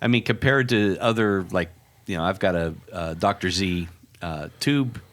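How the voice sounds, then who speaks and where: A man co-hosting a guitar podcast, animated and quick to laugh. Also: low voice. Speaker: podcast host. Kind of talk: casual podcast chat.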